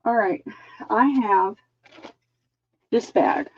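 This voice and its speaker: A woman hosting a live-stream sale, chatting and describing lace items slowly. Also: medium pitch, breathy edge, dull audio.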